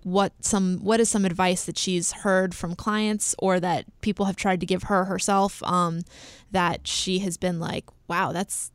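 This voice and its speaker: A woman's voice: lowish voice, clean tone, dry recording. A young woman co-hosting a podcast, chatting casually with many fillers and small laughs. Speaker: podcast co-host. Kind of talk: casual chat.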